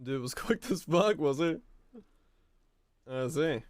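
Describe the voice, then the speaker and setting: A man streaming a video game, reading viewer messages and chatting casually in a relaxed, rambling way. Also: fairly high pitch, slow, no room sound. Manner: relaxed, rambling, reads chat aloud. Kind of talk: casual chat while playing.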